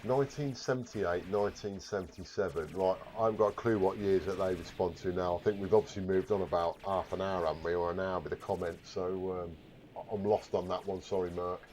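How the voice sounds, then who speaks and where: Rambling Warwickshire man, lowish voice. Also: steady tone, a little fast, a little mellow, slight background noise. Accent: Warwickshire English. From Warwickshire, England. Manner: rambling, self-mocking, swears casually. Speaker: live stream host. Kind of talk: casual live-stream chat reading comments.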